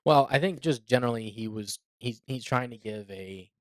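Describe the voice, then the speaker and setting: A man co-hosting a podcast in casual chat, animated and opinionated, laughing often. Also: mid-range voice, moderate pace, dry recording. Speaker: podcast co-host.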